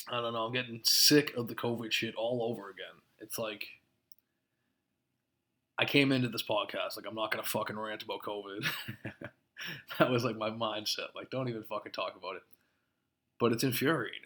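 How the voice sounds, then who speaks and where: A man's voice: on the low side, pushed and bright. A man hosting a podcast, ranting casually with lots of swearing and short laughs. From Massachusetts. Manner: profane, laughing, worked-up ranting. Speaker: podcast host.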